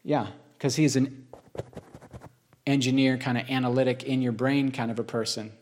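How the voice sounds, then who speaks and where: A man teaching informally from the Bible to a small group, reading passages slowly and emphatically and then talking in earnest, conversational asides. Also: mid-range voice, flat delivery, a little mellow. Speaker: preacher.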